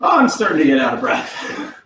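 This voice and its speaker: A karate instructor with an American accent leading a warm-up class from his home garage, upbeat and counting reps in Japanese. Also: a little high, very animated, fairly quick, muffled recording, a little hiss or hum. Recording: echoey garage mic from a distance.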